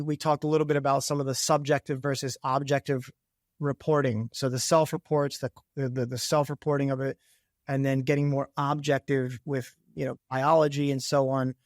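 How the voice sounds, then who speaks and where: A man's voice: medium pitch, level tone, moderate pace, no room sound, clean studio sound. Enthusiastic rambling male podcast host. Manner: enthusiastic, rambling, many restarts. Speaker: podcast co-host, science officer. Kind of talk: conversational interview.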